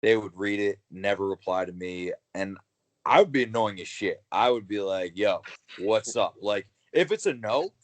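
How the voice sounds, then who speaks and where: A young man with a deep voice talks as a guest about his wrestling career. He rambles bluntly, full of fillers and restarts. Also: lively intonation, moderate pace. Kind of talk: casual interview.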